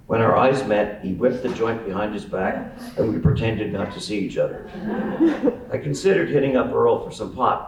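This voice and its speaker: A man reading his memoir aloud at a live event, with wry, amused storytelling. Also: lowish voice. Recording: roomy sound from a distant mic.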